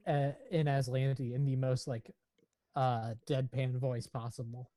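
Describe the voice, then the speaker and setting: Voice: mid-range voice, level tone, a little slow, warm tone, dry recording. A player at a tabletop game with a wry, dry sense of humor. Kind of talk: casual chat at a game table.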